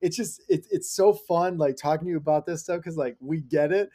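A man's voice: a little high, a little fast, warm tone. A man hosting a casual conversation, reacting briefly and joking along with his guest. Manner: brief reactions and jokey interjections. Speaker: podcast host. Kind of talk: casual chat.

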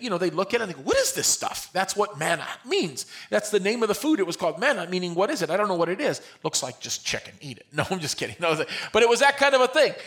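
A man preaching a sermon as pastor, emphatic, moving between loud declarations and quiet, close talk. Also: sits high.

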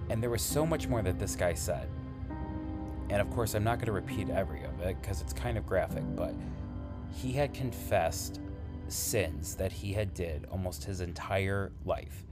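A man who works as an emergency responder, earnestly retelling a frightening call in halting, conversational storytelling. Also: low voice, over loud music. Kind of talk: spoken storytelling.

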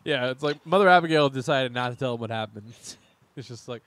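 A man's voice: medium pitch, fairly quick, a bit bright, dry recording. A man in casual podcast chat, recapping a TV miniseries scene by scene, rambling and laughing with frequent restarts. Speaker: podcast co-host.

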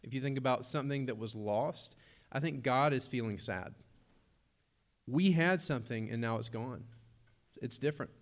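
Conversational preacher. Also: male voice, mid-range voice, moderate pace, long pauses. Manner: conversational, with humorous asides. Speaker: pastor. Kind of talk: sermon.

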